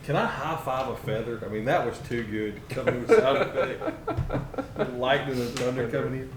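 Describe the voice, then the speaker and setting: A man's voice: medium pitch, fairly quick. A man at a gaming table reacts eagerly and playfully, chiming in with short quips in a casual chat. His voice has an echoey room around it, with a faint hum of noise underneath. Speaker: player.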